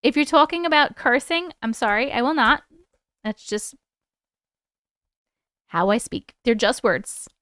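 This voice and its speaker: A woman's voice: a little high, expressive, a little slow, pauses often, sharp tone, smooth, no echo, clean studio sound. A woman with a New York accent hosting a livestream, reading viewer stories aloud and chatting casually, swearing freely and laughing often. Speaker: livestream host.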